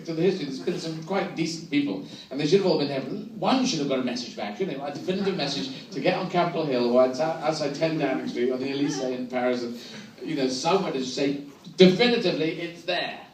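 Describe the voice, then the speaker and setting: A man's voice: on the high side, quick pace, slight background noise. An English man performing a rambling, playful stand-up routine. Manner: rambling, playful, switches into silly voices. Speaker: stand-up comedian. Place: large venue with a laughing crowd. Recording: echoey live recording from far off.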